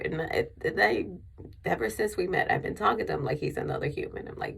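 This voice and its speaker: Low, husky, gravelly-voiced woman storyteller. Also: fairly even intonation, measured pace, long pauses. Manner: rambling, with many restarts and fillers. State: emotional, near tears. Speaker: vlogger. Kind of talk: personal storytelling.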